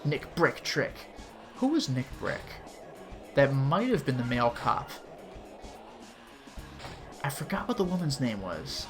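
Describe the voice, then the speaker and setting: A man's voice: mid-range voice, big pitch swings, unhurried, pauses often, music in the background. A man giving casual, rambling commentary while streaming a game, peppered with fillers. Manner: chatty and rambling, with frequent "like" fillers.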